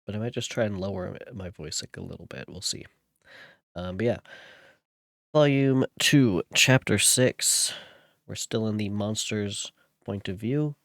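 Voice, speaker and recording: A young man with a fairly low voice, recorded close and dry with no room sound. He chats loosely with his viewers and then slips into reading a novel aloud at an easy, unhurried pace. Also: gravelly, no echo. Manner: relaxed, chatting with viewers between read passages. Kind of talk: casual chat mixed with reading aloud.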